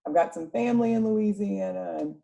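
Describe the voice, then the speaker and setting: A woman's voice: medium pitch, brisk, gravelly, muffled recording. A woman from North Florida with a Southern accent, hosting a casual chat and telling stories with frequent laughter. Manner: laughing, lively storyteller. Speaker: podcast host.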